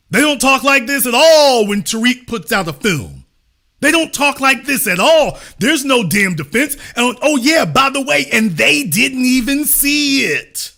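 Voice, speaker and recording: Hosting a live-streamed commentary monologue, a middle-aged man speaks in a high, bright voice whose pitch swings widely, very animated yet unhurried. He drives his points home emphatically with preacher-like repetition, swearing now and then for emphasis.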